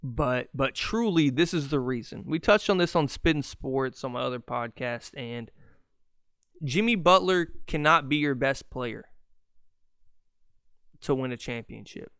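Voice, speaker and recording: A man hosting a solo sports podcast, ranting in an excitable, fast and profane way. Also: mid-range voice, smooth, dry recording, studio quality. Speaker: podcast host.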